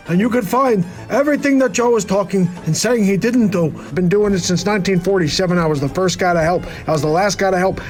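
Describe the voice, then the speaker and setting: A man putting on impressions of two older male politicians in a comic debate clip, full of rambling banter. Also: sits high.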